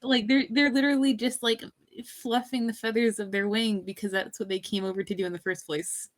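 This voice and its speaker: A woman playing in a tabletop game, describing her character's actions with halting, repeated words. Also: a little high, steady tone, rough recording. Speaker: player. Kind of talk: tabletop play chat.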